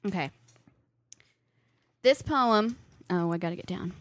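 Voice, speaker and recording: A woman's voice: on the low side, animated, a little slow, dry recording. A woman co-hosting a casual podcast, brash and teasing, laughing often between lines. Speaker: podcast co-host.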